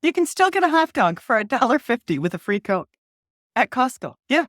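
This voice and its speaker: A woman's voice: on the high side, very animated, brisk, a bit bright, no room sound. Bubbly woman from Ohio, laughing often. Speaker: author and podcast guest. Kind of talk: casual interview chat.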